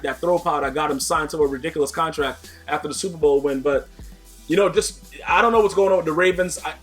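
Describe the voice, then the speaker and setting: A man hosting a casual football recap, ranting with slang and loud emphasis. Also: on the high side. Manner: animated, rants emphatically, slangy. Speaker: sports show host.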